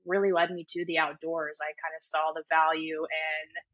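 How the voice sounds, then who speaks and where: A friendly woman guest who talks quickly, with a lowish but bright, forceful voice. Her audio sounds dull and lo-fi, with dry room sound. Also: flat delivery. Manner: friendly, quick, with many fillers. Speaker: podcast guest, strength coach. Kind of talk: casual interview chat.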